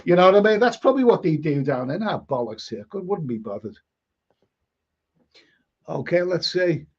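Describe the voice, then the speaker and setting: A man's voice: a little high, animated, normal speed, darkish tone, breathy edge, lo-fi sound. Older Liverpool man, rambling live-chat host. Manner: rambling, repeats words, blunt swearing. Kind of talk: casual chat.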